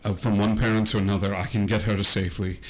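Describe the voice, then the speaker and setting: Man playing a grim, wounded vampire lord in a tabletop game, low voice, urgent and clipped. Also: little pitch movement, quick pace, close to an everyday voice.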